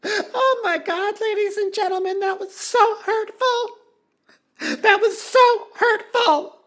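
A performer playing a prim female talk-show host who is secretly an older man, talking slowly and then blowing up into shrieking rage. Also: very high-pitched, expressive, fairly bright tone, heavily acted. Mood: wounded. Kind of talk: comedy sketch acting.

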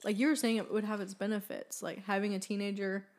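A woman's voice: mid-range voice, flat delivery, fast talker, a little mellow. A woman in her twenties co-hosting a podcast, talking earnestly in a chatty way with many fillers and frequent laughs. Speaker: podcast co-host. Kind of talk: casual chat.

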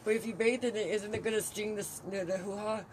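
A woman co-hosting a podcast in casual chat, dropping wry, deadpan remarks. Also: mid-range voice, fast talker, slight background noise, poor audio. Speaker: podcast co-host.

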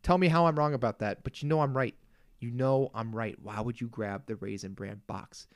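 A man's voice: medium pitch, moderate pace, no echo, studio quality. A young man hosting his own podcast, ranting casually and with exasperated humor, full of asides and jokes. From Kansas. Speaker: podcast host. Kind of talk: casual solo podcast rant.

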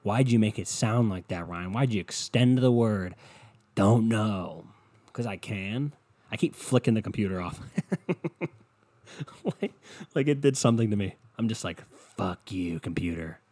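In his bedroom, a young man runs a solo podcast, delivering a sarcastic, profane, meandering rant into a desktop computer microphone. The voice is lowish and dark-toned, unhurried, with frequent pauses.

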